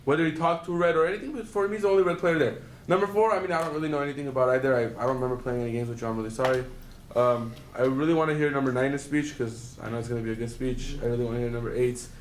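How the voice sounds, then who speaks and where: A man making a quick, accusing speech as a player at a tournament game. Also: mid-range voice. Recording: echoey noisy room.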